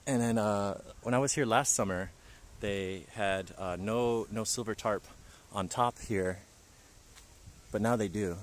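Speaking at a measured pace in a fairly low voice, a man hosts a casual livestream from a forest in a park, bantering and joking with the people watching.

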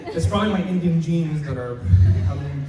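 A teenage boy doing stand-up in a school hall, recorded from far off in a very echoey room. His voice sits high and swings up and down a lot. He talks in a chatty, stammering way and loudly acts out his teachers' lines. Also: animated, a little fast. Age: late teens. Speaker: student stand-up comic. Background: audience laughter and room noise.

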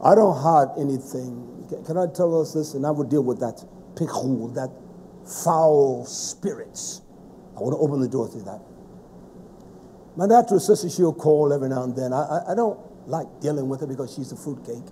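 A man preaching a fiery sermon, forceful and scolding, with heavy emphasis. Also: medium pitch, normal speed, a little hiss or hum.

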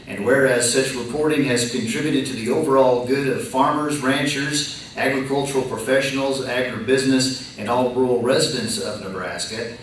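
A man's voice: mid-range voice, fairly bright tone, slight background noise. A man emceeing a retirement reception and reading out a formal proclamation. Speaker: master of ceremonies. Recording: echoey room from far off.

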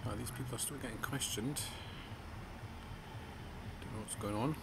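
A man's voice: mid-range voice, moderate pace, vocal fry, heavy background noise. A man, chatting casually to viewers in a travel vlog. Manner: chatty, addresses viewers as folks. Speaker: travel vlogger.

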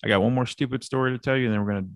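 A man co-hosting a podcast, telling an animated story in casual banter and swearing freely. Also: mid-range voice, racing, vocal fry, no echo, studio quality. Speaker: podcast co-host.

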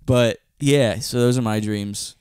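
A podcast co-host casually tells a story during a chat, acting out the quotes with animation. His mid-range voice is clear and resonant and a little slow, recorded at studio quality with no room sound.

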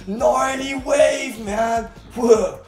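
A man voicing a laid-back young male surfer dude in a gaming video, with drawling, slowed-down slang. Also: very high voice, pitched above the performer's own voice, full character voice. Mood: awed. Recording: roomy echo, faint music behind.

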